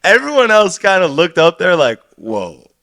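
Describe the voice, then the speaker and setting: A man's voice: a little high, expressive, normal speed, fairly bright tone, no echo, clean studio sound. A young man co-hosting a podcast, telling a rambling, profane story about DJing in casual chat. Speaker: podcast co-host and DJ.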